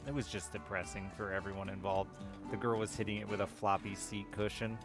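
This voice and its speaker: A low-voiced man streams a game and riffs in a loose, wry way, swearing now and then. His voice has a gravelly edge, and music plays clearly behind him. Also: little pitch movement, fairly quick. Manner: wry, profane, loose reactions. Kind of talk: casual stream commentary.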